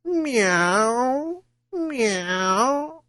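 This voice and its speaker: A man's voice: extremely high pitch, sing-song, bright, forceful tone, dry recording, studio quality, pitched above the performer's own voice, full character voice. A man putting on a sly purring black cat. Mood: wheedling. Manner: drawn-out begging meows.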